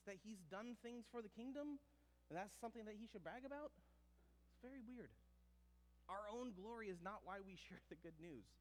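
A man's voice: high voice, big-room sound. A man preaching a sermon in a conversational way, with asides and quoted exchanges.

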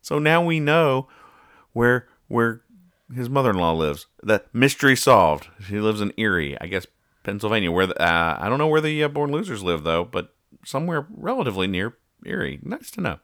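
Male podcast host, rambling jokey delivery; deep and bright, dry close mic. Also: very animated, normal speed, no room sound. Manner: rambling, jokey, stumbles and restarts. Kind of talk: casual comic-reading chat.

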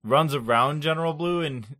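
A podcast host chatting in a relaxed, rambling way, mid-pitched and full of fillers. Unhurried, conversational delivery. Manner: laid-back, rambling, many fillers. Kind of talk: casual chat.

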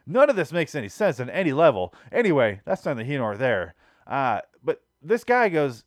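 A man in the middle of a comic podcast story, rambling and profane, getting exasperated as he goes. His voice sits at an ordinary middle pitch. It is recorded close and dry, with no room sound at all. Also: very animated, a little fast, dry recording. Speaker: podcast host. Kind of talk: casual comedic storytelling.

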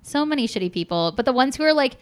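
A woman's voice: sits high, lively intonation, fast talker. A young woman chatting casually as a podcast guest, frank and swearing freely, with lots of fillers.

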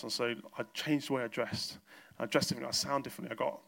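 Male pastor, bright tone, storytelling sermon. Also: mid-range voice, steady tone, very fast, vocal fry. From south coast of England. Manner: storytelling, acts out exchanges in quoted voices. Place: church.

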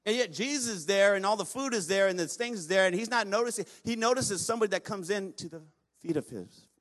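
A pastor preaching a sermon, reading scripture aloud and urging the congregation to respond. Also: male voice, sits high, expressive, quick pace, fairly bright tone.

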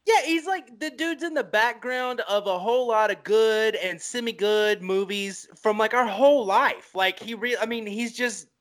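A man's voice: high voice, normal speed, few pauses, a bit bright. A man co-hosting a casual film podcast, rambling with lots of "like" and restarts, and swearing now and then. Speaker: podcast co-host.

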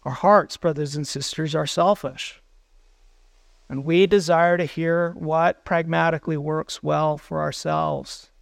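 A man's voice: high-pitched, smooth, dry recording. A man preaching a sermon as pastor, earnest, putting questions to the congregation.

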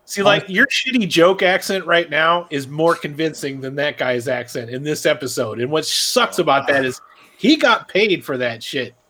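Young man, wry quips, higher voice, lively. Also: normal speed. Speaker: podcast co-host. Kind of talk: casual chat.

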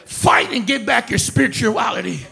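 A man preaching as a guest speaker in a church, shouting in fiery, repetitive call-and-response, with worship music behind him. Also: very high voice, animated, moderate pace, vocal fry. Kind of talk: shouted sermon. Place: church sanctuary.

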